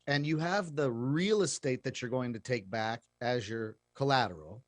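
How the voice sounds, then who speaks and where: A man's voice: medium pitch, normal speed, dry recording. A male host explaining investing to his listeners in a chatty way, often repeating words and calling the audience "folks.".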